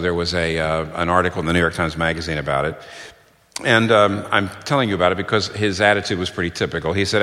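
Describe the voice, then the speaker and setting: A man's voice: deep voice, pushed and bright. A middle-aged man preaching a sermon in an earnest, emphatic way, quoting sources and repeating key phrases for stress. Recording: long hall reverb.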